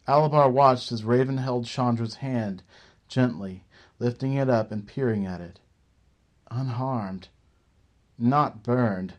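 Male audiobook narrator; measured, unhurried fantasy storytelling. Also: medium pitch.

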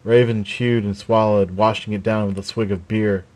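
A man narrating a fantasy story aloud with a steady, even reading. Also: on the low side, moderate pace.

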